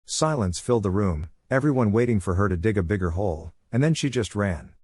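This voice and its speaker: A man narrating a first-person drama story in a calm, cool tone. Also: lowish voice, fairly quick, slightly rough, no echo, studio quality.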